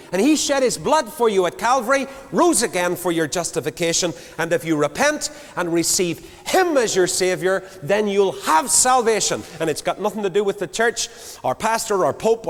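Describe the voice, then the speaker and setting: A man preaching a sermon to a large congregation, swinging from loud declarations to quiet low asides. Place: large church. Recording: long hall reverb.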